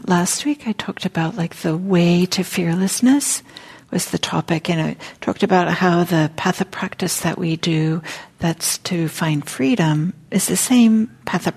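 A woman meditation teacher gives a dharma talk, her words soft and halting and often close to a whisper. Her voice sits fairly low with a gravelly, husky texture. She speaks at a meditation center.

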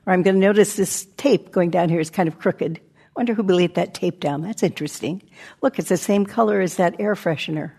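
Female meditation teacher, husky and gravelly, conversational dharma talk. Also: lowish voice, brisk, dark tone. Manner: conversational, acts out inner voices, drops to near-whispers.

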